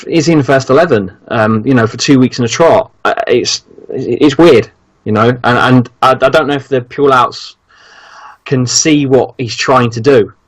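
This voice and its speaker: A man's voice: medium pitch, moderate pace. A man hosting a casual football podcast who talks in a rambling, hesitant way with ums and restarts. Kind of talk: casual chat.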